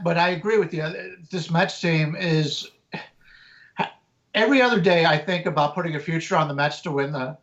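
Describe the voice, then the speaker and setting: A man, a sports handicapper, giving measured betting analysis and often restarting his words. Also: a little high, fairly bright tone, roomy sound, muffled recording.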